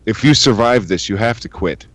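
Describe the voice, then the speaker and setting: A man's voice: fairly low pitch, moderate pace, dry recording. A man co-hosting a podcast in crude, joking casual chat, acting out quotes. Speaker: podcast co-host.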